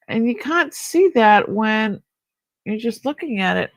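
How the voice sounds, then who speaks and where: A woman's voice: fairly high pitch, lively intonation, slow, no room sound. A middle-aged woman hosting a live jewelry sale, chatting casually and admiring each piece as she rambles. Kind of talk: casual live-stream selling chat.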